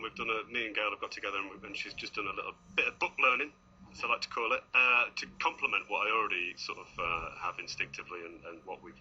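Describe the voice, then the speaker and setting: A fast-talking man on a radio chat show, rambling and self-deprecating, quick to laugh. His voice is very bright. The sound is dull broadcast radio with a faint hiss. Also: fairly low pitch.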